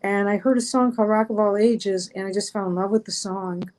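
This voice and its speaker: A woman's voice: medium pitch, fairly even intonation, fairly quick, darkish tone, low-quality recording. A middle-aged woman, a guest on an online chat show, telling a story casually, rambling with many fillers and restarts.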